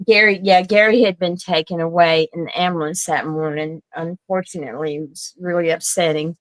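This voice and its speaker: A woman telling a story in a casual chat, chatty and giggly, quick to jump in. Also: lowish voice, steady tone, no echo, rough recording. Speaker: show guest.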